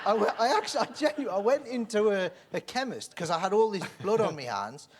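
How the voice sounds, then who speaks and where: A man in his forties telling rambling, animated anecdotes as a chat show guest. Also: sits high, brisk, background noise. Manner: rambling, animated storytelling with acted quotes. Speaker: comedian guest.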